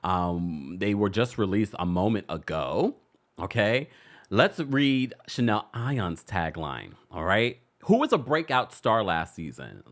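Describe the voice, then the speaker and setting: Animated, laughing male gossip host. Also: fairly low pitch, slow pace. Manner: animated, laughing, playful teasing. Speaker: celebrity gossip show host. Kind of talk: casual commentary to a live chat.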